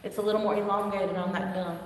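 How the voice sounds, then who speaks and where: A woman teaching a live online language lesson, patiently repeating words slowly for her students to drill, with chatty asides. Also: mid-range voice, flat delivery, a little mellow. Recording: echoey distant room with noise.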